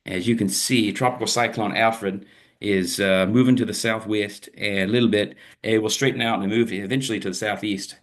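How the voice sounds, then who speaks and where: A man's voice: on the low side, steady tone, normal speed, natural voice. A man putting on a weak mock Australian accent as a weather presenter, rambling cheerfully over maps in an informal forecast. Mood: jaunty. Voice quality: self-admittedly weak, uneven accent imitation. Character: man weather presenter in a clumsy put-on Aussie voice.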